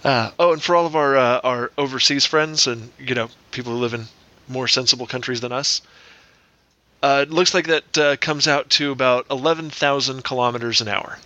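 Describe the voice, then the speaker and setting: Bright-voiced man thinking out loud. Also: medium pitch, moderate pace, no echo, lo-fi sound. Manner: works through numbers aloud, double-checking himself. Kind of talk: casual podcast chat.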